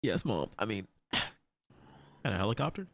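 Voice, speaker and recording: A man reacting to an anime episode in casual commentary, swearing and laughing often and jumping into high yelps when startled. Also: sing-song, a little slow, a bit bright, no echo. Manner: frequent laughter and profanity.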